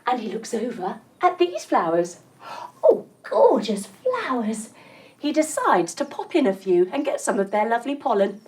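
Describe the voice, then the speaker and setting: A young woman teaching a storytelling yoga lesson for children, playful and animated, adding buzzing sound effects. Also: on the high side, fairly quick, few pauses, breathy edge. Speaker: kids' yoga instructor.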